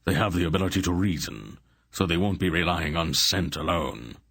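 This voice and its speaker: A calm, gruff old sorcerer of an audiobook, read by a man. He talks in a low, husky voice, measured and matter-of-fact, close and dry. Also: no room sound, exaggerated voice.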